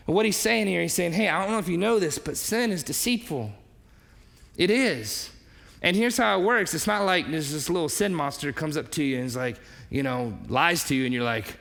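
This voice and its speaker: A man preaching a sermon as a pastor, animated and conversational, acting out quoted voices and asking the congregation questions. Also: sits high, moderate pace, vocal fry. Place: church hall. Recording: long reverb of a large hall.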